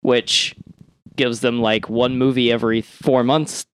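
A man's voice: mid-range voice, flat delivery, a little slow, clear, resonant tone, no echo. A man co-hosting a casual comedy podcast, reading odd news and rambling with frequent laughs. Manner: rambling, laughs at own jokes.

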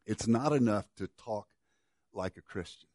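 A middle-aged man preaching a sermon in a conversational way, restarting and repeating words, and dropping to a quiet low voice on key words. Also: unhurried, no echo, clean studio sound. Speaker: pastor.

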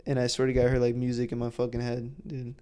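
Man, podcast co-host, casual profane storytelling, mellow, smooth voice. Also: mid-range voice, fast talker. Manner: profane, animated storyteller who acts out quotes loudly.

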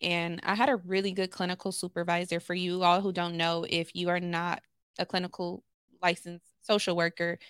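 A woman's voice: on the low side, little pitch movement, moderate pace, fairly bright tone, clean tone, no echo, clean studio sound. A woman from Los Angeles, a therapist, telling candid stories as a podcast guest with many fillers. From Los Angeles, USA. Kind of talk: podcast conversation.

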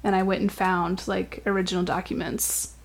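A woman's voice: fairly low pitch, little pitch movement, normal speed, vocal fry. A woman co-hosting a podcast, chatting casually and filling her speech with "like". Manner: chatty, many "like" fillers. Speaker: podcast co-host. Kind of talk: casual chat.

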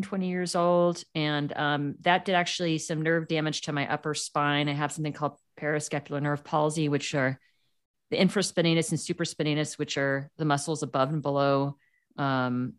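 A woman with a smooth, low-pitched voice is a guest in a casual chat. She tells a personal story animatedly, leaning on frequent fillers and acting out the voices of people she quotes.

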